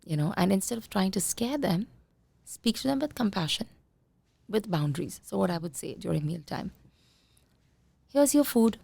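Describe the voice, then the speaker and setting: A woman parenting coach being interviewed on a podcast, talking in a calm coaching tone and sometimes acting out what parents say. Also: mid-range voice, moderate pace, creaky, slightly rough, no room sound. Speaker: conscious parenting coach, guest.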